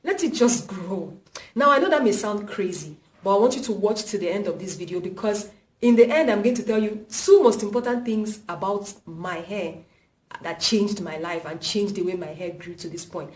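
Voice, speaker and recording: A woman's voice: medium pitch, expressive, moderate pace. A young woman with a Nigerian accent talks straight to camera in a casual vlog and drives her points home by repeating them. She sits back from the mic, and her voice rings around a bare, echoey room. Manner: emphatic, repeats points for stress. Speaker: vlogger. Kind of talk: casual hair-care vlog. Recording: roomy echo, mic at a distance.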